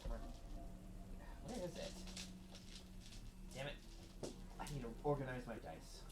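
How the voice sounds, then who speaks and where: Animated male game master. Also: medium pitch, measured pace, heavy background noise. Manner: animated, swearing, laughing often. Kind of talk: narrating a tabletop game.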